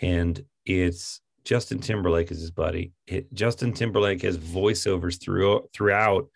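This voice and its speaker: Guy with a gravelly lowish voice ranting about a movie, keeps going up in disbelief. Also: measured pace. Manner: animated, exasperated, incredulous outbursts. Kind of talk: casual film review chat.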